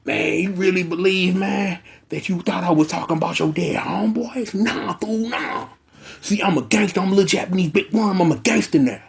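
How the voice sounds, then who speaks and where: A man's voice: high-pitched, normal speed, gravelly. A man doing a swaggering gangster villain. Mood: menacing. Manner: swaggering, threatening street slang. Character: blustering small-time male gangster villain.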